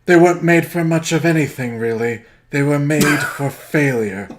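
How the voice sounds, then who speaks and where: A man co-hosting a comedy podcast, telling a story in a mock-grandiose, deadpan way. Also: on the high side, moderate pace. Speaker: podcast co-host. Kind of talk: casual comedy chat.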